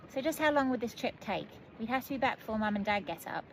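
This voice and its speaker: A woman's voice: fairly high pitch, expressive, quick pace, voice pushed up. Woman doing a no-nonsense big sister, doubtful tone, noisy recording. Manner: blunt, doubtful. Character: sensible skeptical older girl.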